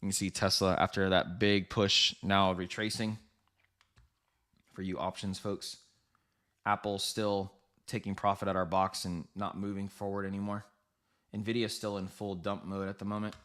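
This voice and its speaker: A man hosting a live trading stream, giving quick, rambling market commentary, correcting himself and talking straight to his viewers. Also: deep voice, flat delivery, fairly bright tone. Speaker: livestream trading host.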